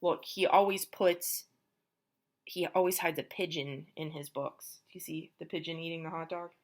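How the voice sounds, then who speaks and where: A woman reading a picture book aloud to children, explaining the story in an animated way. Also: lowish voice.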